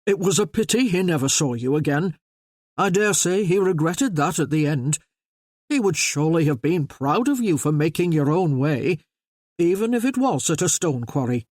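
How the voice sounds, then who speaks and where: A reader voicing a hearty, blunt gentleman with a Yorkshire accent. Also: mid-range voice, expressive, normal speed, dry recording, studio quality, close to an everyday voice.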